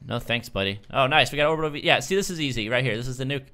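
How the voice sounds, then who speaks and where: A young man giving excitable live commentary over his shooter gameplay, yelping and groaning at every setback. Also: mid-range voice, rapid-fire. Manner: excitable, yelps and laughs when things go wrong. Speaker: gaming YouTuber. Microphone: desk microphone at a gaming setup.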